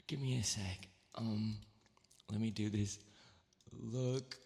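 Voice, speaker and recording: Soft-spoken gravelly man in reverb. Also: on the low side, steady tone, very slow. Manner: soft-spoken, greets chat by name, giggly. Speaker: VTuber streamer. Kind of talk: soft-spoken stream chat.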